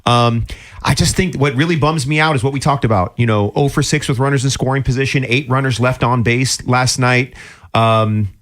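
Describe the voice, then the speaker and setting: Male co-host, average pitch, loose, chatty sports talk. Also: normal speed, fairly bright tone. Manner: loose and chatty, many "um"s and "you know what I mean"s.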